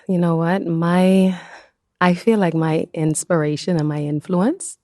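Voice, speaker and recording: A woman's voice: fairly low pitch, level tone, takes it slowly, a little mellow, no room sound, clean studio sound. A young woman from the Bahamas with a Bahamian accent, chatting animatedly and laughing as a podcast guest. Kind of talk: casual chat.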